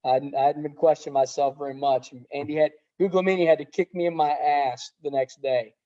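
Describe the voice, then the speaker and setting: Earnest rambling wrestling coach. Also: male voice, fairly high pitch, fairly even intonation, a little fast, dark tone. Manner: rambling, earnest, many restarts. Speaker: head wrestling coach, guest. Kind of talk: casual podcast interview. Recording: dull lo-fi sound.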